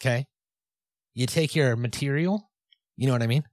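A man's voice: mid-range voice, moderate pace, a little mellow, no echo. Male podcast co-host, playful bit-leader, mid-range voice, recorded dry and close. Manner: playful, leads the bits with mock instructions. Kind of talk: comedic podcast banter and mock ad read.

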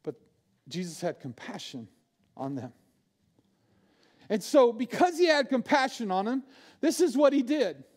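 A male pastor preaching a sermon, swinging from loud bursts to hushed, low asides. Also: sing-song, a little slow, long pauses.

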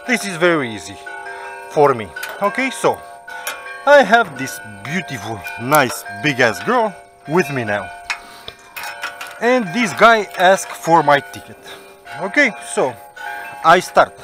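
A man's voice: on the high side, very animated, takes it slowly, pauses often, over music. A man casually telling a personal story to viewers, rambling and swearing, with lots of "you know".

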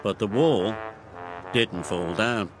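A man narrating a children's storybook in an expressive, measured way, with music behind. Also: fairly low pitch.

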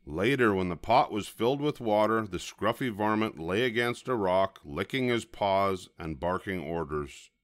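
An older man reading a children's storybook aloud in a gentle, expressive storytelling manner. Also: fairly low pitch, moderate pace, few pauses, no echo, clean studio sound.

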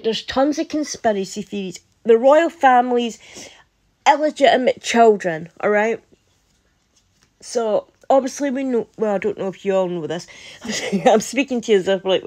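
A woman's voice: mid-range voice, a little mellow. A woman with a Scottish accent chatting to camera as a vlogger, laughing often and breaking into incredulous asides. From Scotland. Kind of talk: casual chat to camera.

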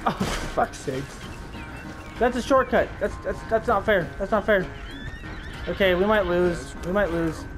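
A young man commentating his own gameplay in an excitable, profane, repetitive manner. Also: high voice, measured pace, long pauses, over music, rough recording. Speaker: let's play gamer.

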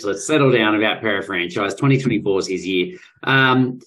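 A man's voice: fairly low pitch, brisk, fairly bright tone, rough recording. Cocky man. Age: 30s. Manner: cocky and joking. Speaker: podcast co-host. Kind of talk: casual banter.

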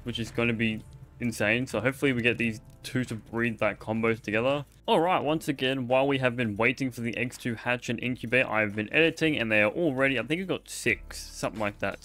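This gaming host's voice is medium-pitched and sharp, a little fast, with soft background music. The young man gives jokey, casual commentary on his play while addressing the creatures on screen.

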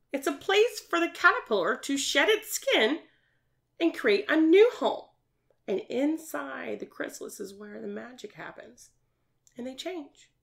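Lively high-voiced preschool teacher. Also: female voice, creaky. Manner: animated sing-song teacher talk full of questions to young children. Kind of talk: virtual preschool science lesson.

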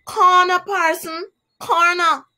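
A woman voicing a cranky, foul-mouthed male parrot who scolds in a shrill voice with a Jamaican accent. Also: level tone, takes it slowly, sharp tone, full character voice. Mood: alarmed.

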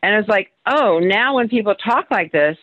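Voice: lively intonation, moderate pace, a bit bright. Earnest workshop participant on a dull lo-fi line. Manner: earnest, pitch swings up and down when emphasizing. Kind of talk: personal sharing in a group workshop.

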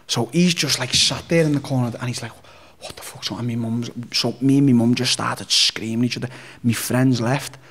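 A young man with a Liverpool accent, a podcast guest telling his life story bluntly, swearing heavily and restarting sentences often. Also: medium pitch. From Liverpool, England. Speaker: interview guest. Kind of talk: candid storytelling in a podcast interview.

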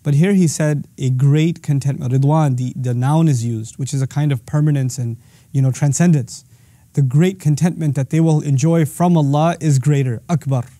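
A man's voice: a little high, normal speed, dark tone, no echo, studio quality. A man teaching a religious lesson, quoting verses in Arabic and then explaining them patiently. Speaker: Islamic teacher.

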